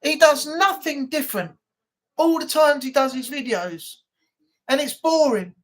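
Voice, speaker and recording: Woman rambling on her live chat stream, kinda high voice, lots of ums. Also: unhurried. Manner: rambling, chatty, many ums.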